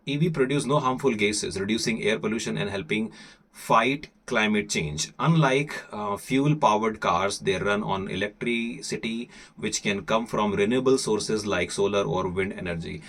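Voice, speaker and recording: A man with an Indian accent, an English teacher reading an article aloud for learners, deliberate and often hesitating. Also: fairly low pitch, fairly bright tone.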